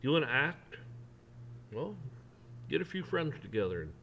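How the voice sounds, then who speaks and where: A man's voice: mid-range voice, sing-song, moderate pace, creaky, lo-fi sound, a little hiss or hum. A man ranting on a vlog in a folksy, rambling, blunt way. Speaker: vlogger. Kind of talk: opinion rant.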